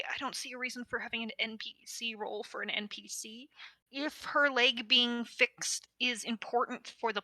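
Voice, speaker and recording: Bright-voiced woman running a tabletop game. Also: a little high, dry recording, poor audio. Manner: explains rules in a measured, wry way. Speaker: game master.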